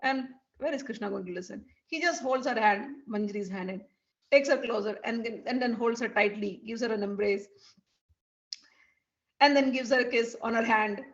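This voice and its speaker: A woman telling a devotional story in an animated, vivid way. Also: fairly high pitch, moderate pace. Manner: animated, vivid retelling with restarts. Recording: dull lo-fi recording.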